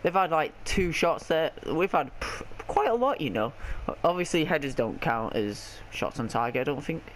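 A man's voice: a little high, sing-song, normal speed, fairly bright tone, a little hiss or hum. A young man giving live commentary on his own football video game match, ranting and swearing in frustration. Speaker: gaming video creator.

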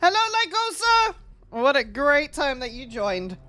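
A woman streaming a game, chatting with viewers and cursing loudly at enemies as she plays. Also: sits high, big pitch swings, unhurried, soft background music. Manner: profane, trash-talks enemies while playing; chats with viewers between fights. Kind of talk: live gameplay commentary.

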